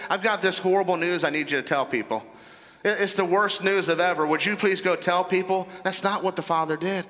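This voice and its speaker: A man's voice: high voice, pushed and bright. A man preaching a sermon as pastor, emphatic and repeating phrases for stress. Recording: long hall reverb.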